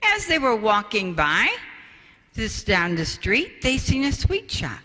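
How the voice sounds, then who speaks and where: Older woman giving an animated talk in a reverberant hall. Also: fairly high pitch, takes it slowly. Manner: animated storyteller, acts out quoted voices. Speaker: spiritual parenting speaker. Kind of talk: storytelling talk to an audience.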